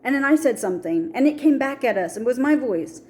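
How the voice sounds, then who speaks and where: A middle-aged woman with a high, brisk voice tells a personal story for her vlog. She's animated and acts out the voices of the people she quotes.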